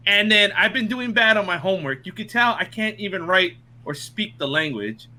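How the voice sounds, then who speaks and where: Animated young man telling stories. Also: sits high, normal speed. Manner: animated, laughing, swears freely. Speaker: podcast co-host. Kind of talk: casual storytelling among friends.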